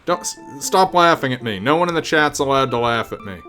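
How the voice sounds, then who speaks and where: A man's voice: medium pitch, expressive, a little fast, pushed and bright. A man streaming a retro game live, talking casually to his chat with wry, self-mocking jokes and free swearing. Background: game music.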